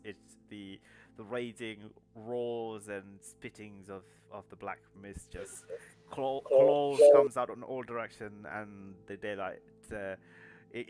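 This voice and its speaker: A man narrating as game master in a tabletop game, pausing often with fillers. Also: lowish voice, darkish tone. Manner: hesitant, filler-heavy narration.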